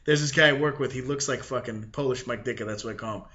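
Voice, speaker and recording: A man, a comedian, chatting casually on a podcast, swearing and joking between quick mocking impressions. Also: mid-range voice, pushed and bright. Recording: muffled laptop mic.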